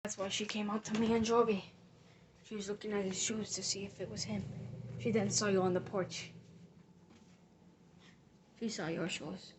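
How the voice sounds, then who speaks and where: A woman's voice: medium pitch, steady tone, normal speed, long pauses, background noise. A woman narrating a mystery reveal, theatrically accusing the culprit as she retraces the crime step by step.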